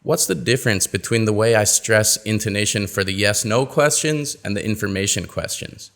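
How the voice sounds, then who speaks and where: A man teaching pronunciation in a webinar, explaining and acting out example sentences in a lively, expressive way. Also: on the low side, moderate pace, gravelly. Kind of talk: webinar lesson.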